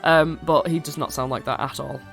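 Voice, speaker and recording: A woman's voice: sits low, fairly even intonation, a little fast, gravelly, faint music behind. A British-accented woman narrating a tabletop game as game master, casual and chatty with many fillers. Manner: casual, lots of ums and likes.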